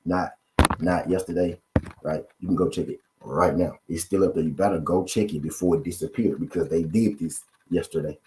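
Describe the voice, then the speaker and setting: A man's voice: low-pitched, steady tone, moderate pace, darkish tone. A man hosting a boxing channel, giving a casual, repetitive commentary rant full of rhetorical questions to his viewers.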